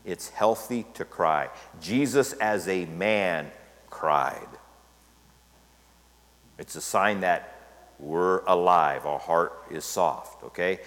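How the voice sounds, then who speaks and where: A man preaching a sermon from the pulpit of a church, his voice sitting a little low. He talks conversationally and keeps checking in with the congregation. His words trail off into the long reverb of a large hall. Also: measured pace, a bit bright. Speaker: pastor.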